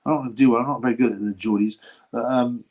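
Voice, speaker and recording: A man's voice: mid-range voice, fairly even intonation, very fast, darkish tone. A man hosting a casual boxing livestream, rambling, slangy and mocking, often laughing as he talks. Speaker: boxing channel host.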